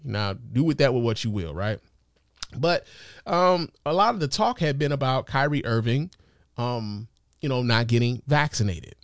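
A man's voice: mid-range voice, animated, normal speed, no room sound, studio quality. Casual, profane male podcast host. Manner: loose, profane, conversational with frequent fillers. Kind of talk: casual commentary monologue.

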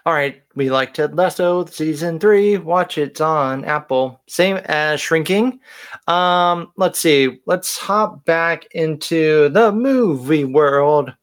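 A man's voice: fairly high pitch, slow pace, smooth. A man co-hosting a podcast in casual chat, joking and self-deprecating. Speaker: podcast co-host.

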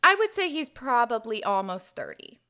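A woman's voice: on the high side, sing-song, moderate pace, pushed and bright. A woman in her twenties telling a story in a casual podcast chat. She talks in a chatty way and leans on "like" as a filler. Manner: chatty, heavy use of "like" fillers. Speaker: podcast co-host.

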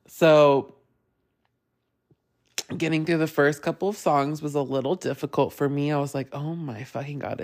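Candid swearing man hosting a podcast. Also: on the high side. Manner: candid, swears freely, talks openly about feelings. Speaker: podcast host. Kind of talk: casual solo podcast chat.

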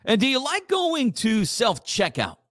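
A man's voice: very high-pitched, wildly swooping pitch, a little slow, a bit bright, dry recording, studio quality. A man hosting a casual talk radio show, joking and reading listener messages.

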